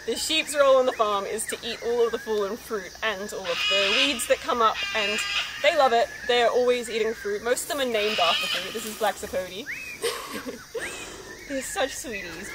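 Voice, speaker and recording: With a mid-range voice, a young woman narrates a casual, chatty vlog, excitedly touring her orchard outdoors. Background music runs beneath her voice, and the recording is very noisy.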